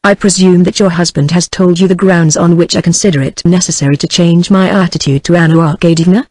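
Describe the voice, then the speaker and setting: A woman's voice: fairly low pitch, fairly even intonation, brisk, a little mellow, dry recording. A text-to-speech female voice with a British English accent reading the lines of a cold, stiff, middle-aged aristocratic husband in a formal, clipped way.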